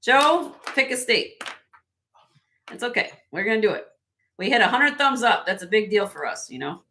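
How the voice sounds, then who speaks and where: A woman hosting a live jewelry sale stream in casual chat, laughing often and a little hoarse from losing her voice. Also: on the high side, very animated, normal speed, pushed and bright, a little hiss or hum. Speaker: host and jewelry seller.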